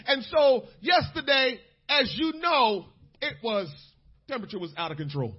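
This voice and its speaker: A man with a strikingly high, husky voice preaches a sermon with fervor, dropping to a soft storytelling tone and then rising to shouts. His talk is full of "uh"s and repeated words. The recording sounds dull and lo-fi. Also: lively intonation. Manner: fills pauses with "uh", repeats words.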